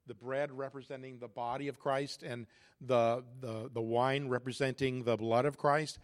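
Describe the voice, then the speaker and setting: A man giving a sermon at a conference, talking in a conversational, joking way with frequent fillers. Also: medium pitch. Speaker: conference speaker. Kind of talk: sermon with prayer and humor.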